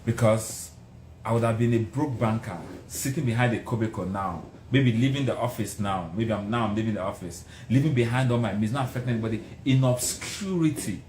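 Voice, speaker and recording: A man's voice: on the low side, brisk, darkish tone. A middle-aged man giving a passionate motivational speech, hammering points home by repeating them. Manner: passionate, emphatic, repeats phrases for effect. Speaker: motivational speaker. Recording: roomy echo, faint background noise.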